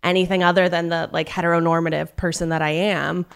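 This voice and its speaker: A woman's voice: fairly low pitch, little pitch movement, quick pace, vocal fry, clean tone. A woman hosting a podcast in casual chat, speaking earnestly with hesitant restarts. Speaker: podcast host.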